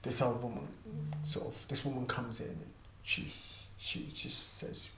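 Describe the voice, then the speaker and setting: Middle-aged guy telling a lively story, acts out the voices, roomy echo, bit of hiss. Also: mid-range voice, normal speed, few pauses. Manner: animated, acts out quoted voices. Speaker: interviewed musician and artist manager. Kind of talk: casual anecdotal storytelling. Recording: roomy echo, faint background noise.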